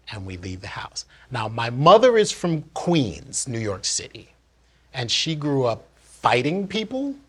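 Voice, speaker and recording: A man's voice: medium pitch, fairly bright tone, slightly rough. A man from New Jersey earnestly and candidly telling a personal story in one unedited take, reflective as he looks back.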